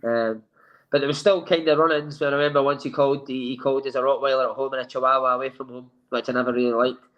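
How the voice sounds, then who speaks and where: A man with a Scottish accent, a guest telling lively anecdotes and acting out the dialogue in a sofa chat. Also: mid-range voice, quick pace, lo-fi sound. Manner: lively storyteller who acts out quoted dialogue. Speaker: former footballer guest.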